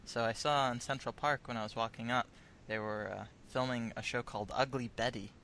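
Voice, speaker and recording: Bright-voiced young man telling a story. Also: mid-range voice, fairly even intonation, a little fast, a little hiss or hum. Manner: rambling storyteller, laughs often. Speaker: podcast host. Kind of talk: casual chat.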